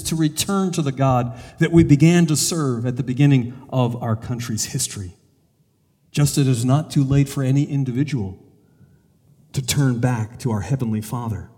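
A man preaching a sermon, telling a story in a measured, earnest way and leading a prayer. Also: fairly high pitch, mellow, in a large hall.

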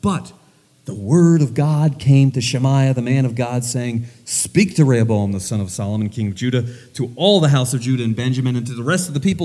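Brief: male preacher, mid-pitched, animated plain-spoken sermon delivery, recorded with long hall reverb. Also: fairly quick. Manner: animated, paraphrasing scripture in plain everyday words.

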